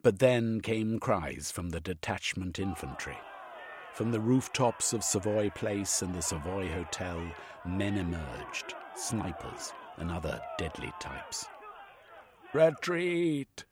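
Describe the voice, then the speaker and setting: A man narrating an audiobook with a husky voice. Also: low voice, expressive, a little slow, noisy background. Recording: faint music underneath.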